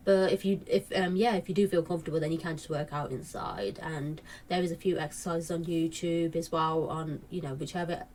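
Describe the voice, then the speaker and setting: A woman in her late twenties talks casually to camera at home, wandering through her thoughts with plenty of fillers and restarts. Her voice sits fairly low for a woman. A faint hum of ambient noise stays in the background. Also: steady tone, a little fast, few pauses, a little mellow. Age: late 20s. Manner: rambling, many fillers and restarts. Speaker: vlogger.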